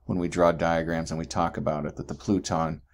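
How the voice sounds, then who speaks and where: A man's voice: deep voice, little pitch movement, a little fast, a little hiss or hum. A man teaching geology in a chatty recorded lecture, often asking "right?" and correcting himself as he goes.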